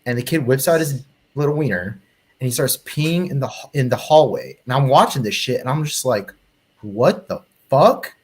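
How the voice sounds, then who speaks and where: Male panelist, lively rant-style storyteller with a mid-range voice. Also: mid-range voice, a little fast. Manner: animated profane storyteller, acts out quotes. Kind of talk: casual podcast chat.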